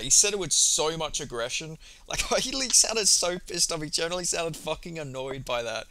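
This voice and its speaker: A man talking through a fight recap in a loose, offhand way, swearing often and wandering between points. His voice sits a little high and sounds bright and forward. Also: brisk, few pauses, no echo, rough recording. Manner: profane, rambling, offhand. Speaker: MMA YouTuber. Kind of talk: casual recap commentary.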